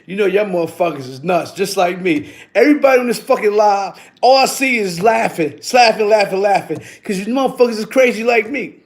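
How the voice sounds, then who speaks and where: A middle-aged man talking loudly to his livestream chat, laughing often, in heavy street slang. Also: sits high, animated, brisk, hardly any pauses. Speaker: livestream host.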